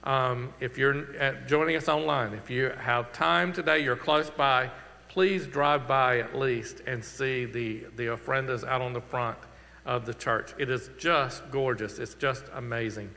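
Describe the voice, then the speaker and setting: This is a man's creaky, sharp-toned voice at medium pitch with fairly even intonation. He's a pastor with a Southern accent making earnest, conversational church announcements and offering a closing prayer, slowing for emphasis, with the long reverb of a sanctuary around him.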